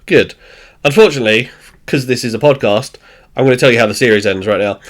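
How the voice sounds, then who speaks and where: A man hosting a podcast, recapping a sitcom in animated storytelling, swearing freely, laughing often and acting out the characters. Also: medium pitch, fast talker. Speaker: podcast host. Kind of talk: casual chat recapping a show.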